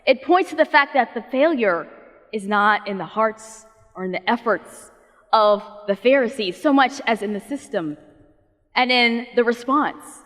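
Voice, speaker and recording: A woman pastor preaches in a relaxed, conversational way, telling stories with playful, casual asides. Her voice sits fairly high. The sound carries the long reverb of a church sanctuary. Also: a little slow. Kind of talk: sermon.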